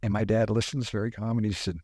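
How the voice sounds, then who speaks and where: A middle-aged man, a podcast guest, telling animated hunting stories with sound effects in casual talk. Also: on the low side, quick pace, dry recording, studio quality. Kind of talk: casual storytelling.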